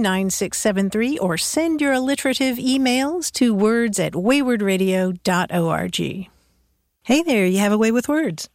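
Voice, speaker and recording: A woman hosts a radio call-in show in a slightly high voice. She is playful and laughs easily with callers. Her voice sounds close and dry. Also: no echo.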